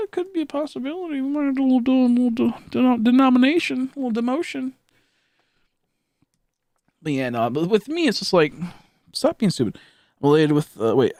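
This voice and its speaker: A man's voice: a little high, no echo, studio quality. A young man streaming live, chatting casually and rambling with lots of swearing, fillers and restarts while he thanks viewers.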